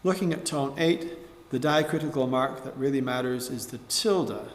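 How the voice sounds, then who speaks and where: A man teaching psalm chanting in a measured spoken tutorial, breaking off now and then to sing short demonstration phrases. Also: mid-range voice. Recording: roomy space with long reverb.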